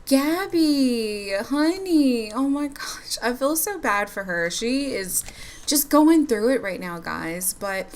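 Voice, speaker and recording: Over a life-sim game, a YouTuber offers casual, chatty commentary, bubbly and full of laughter as she talks to her viewers. Her voice is on the high side, expressive, and slow.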